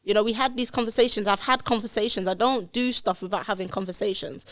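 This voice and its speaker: A woman's voice: mid-range voice, fast talker, dry recording. Woman, candid storytelling, acts out voices, dead-dry studio mic. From London, England. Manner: animated, acts out dialogue in her story. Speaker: podcast guest.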